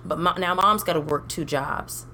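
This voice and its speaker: A young adult woman co-hosting a podcast in blunt, animated, profane casual chat. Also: on the low side, normal speed, slight background noise. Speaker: podcast co-host.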